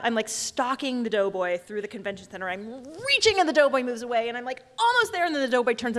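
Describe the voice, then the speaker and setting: A woman's voice: fairly high pitch, a bit bright, long reverb tail. A woman in her forties, an author giving a chatty, self-deprecating comic storytelling talk on stage.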